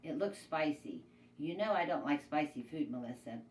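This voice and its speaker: A woman's voice: sits low, animated, moderate pace, darkish tone. A woman reading aloud as a stubborn, belligerent old grandfather who grumbles and snarks. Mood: grumbling. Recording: echoey room, away from mic, faint noise.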